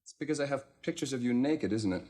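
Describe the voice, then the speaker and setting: A man's voice: medium pitch, lively intonation, fast, lightly acted. An actor playing a wild, impulsive, wisecracking man in a 1990s sitcom. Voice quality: manic, jokey. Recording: loud hiss, studio audience laughter.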